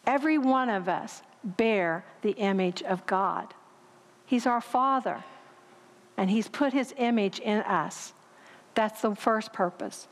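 A woman's voice: medium pitch, slow. A woman preaching a sermon, speaking conversationally and turning questions to the congregation. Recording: long hall reverb.

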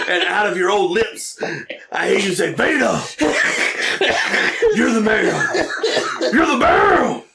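Raspy, high, shouted heel promo, a man putting on a wrestling villain. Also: very animated, takes it slowly, long pauses, slight background noise, exaggerated voice. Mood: gloating. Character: ranting male wrestling villain, menacing and boastful.

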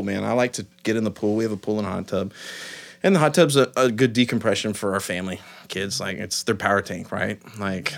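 A man, a business owner and father chatting casually in a podcast and rambling through stories full of "man" and "dude". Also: fairly low pitch. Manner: rambling storyteller, acts out quotes with frequent "man" and "dude".

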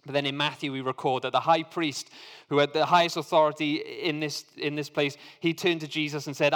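A man's voice: on the high side, steady tone, brisk, fairly bright tone. Earnest man teaching in an echoing hall. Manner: earnest, conversational explaining. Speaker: Bible teacher. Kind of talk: Bible reading and teaching. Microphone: microphone. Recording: long hall reverb.

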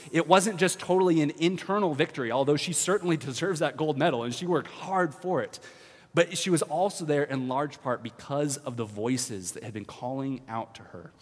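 A man preaching a casual sermon as a pastor, chatty and upbeat with fillers and restarts, dropping to a hush when he prays. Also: fairly high pitch. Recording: long hall reverb.

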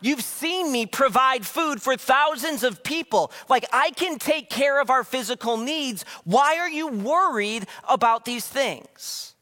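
A preacher voicing an exasperated Jesus. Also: male voice, extremely high pitch, expressive, a little slow, few pauses, bright, forceful tone, voice pushed up, heavily acted. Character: exasperated Jesus scolding his followers.

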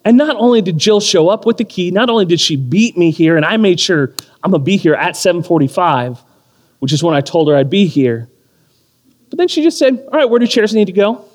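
Man, 30s, pastor; lively, self-mocking sermon storyteller, slightly high voice, long hall reverb. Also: fairly quick. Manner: animated storytelling with self-deprecating humor. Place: church or community hall.

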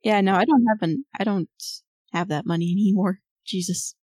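An excitable woman player chats and swears her way through a tabletop game. Her voice is mid-pitched and sounds dry and close. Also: brisk, no room sound. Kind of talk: casual game chat.

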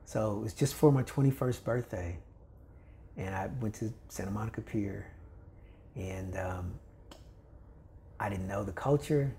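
A man's voice: lowish voice, measured pace, long pauses, slight background noise. An older man from Kentucky, a volleyball coach, telling a story in casual talk, acting out the voices of the people in it and laughing often. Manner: animated, acts out quoted voices, laughs often. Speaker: volleyball coach, podcast guest.

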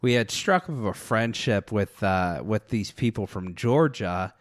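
A man chatting casually as a podcast co-host, telling relaxed stories and swearing now and then. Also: lowish voice, a little slow, no echo. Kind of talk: casual conversation.

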